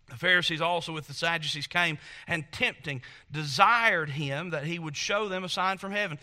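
Man, preacher, sermon, high voice, very bright tone, impassioned, repetitive. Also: normal speed.

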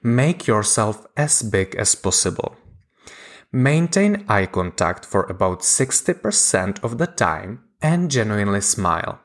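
A man with a lowish voice narrates a scripted lesson like a communication coach. He talks slowly and deliberately, pausing between points. His pitch moves a lot from phrase to phrase. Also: sing-song.

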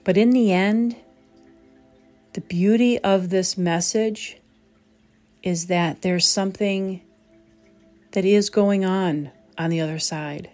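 A woman hosting a reflective spoken talk as a medium, gentle and pausing to search for the right words. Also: medium pitch, soft background music. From southern New England. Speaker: psychic medium, host.

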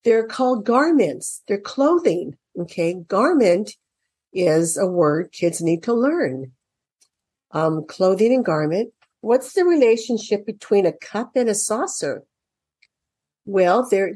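A woman's voice: mid-range voice, expressive, takes it slowly, mellow, breathy edge, no echo, clean studio sound. A woman walking parents through a children's workbook in a casual explanatory way. She reads passages aloud and asks questions that she then answers herself.

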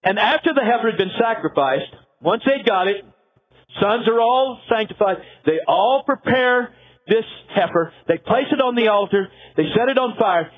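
A man's voice: high-pitched, lively intonation, normal speed. A man pastor preaching a sermon, telling a biblical story with dramatic flair and acting out the characters. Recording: tinny phone-like sound.

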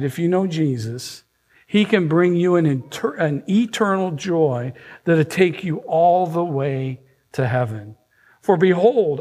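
Male pastor, sermon, fairly high voice, repeats lines, call-and-response. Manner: repetitive, leads call-and-response. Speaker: lead minister. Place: church service.

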